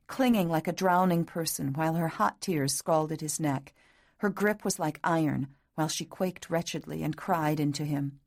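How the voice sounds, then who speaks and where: Woman audiobook narrator, slightly low pitch, soft measured romance reading. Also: fairly even intonation. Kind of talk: scripted narration.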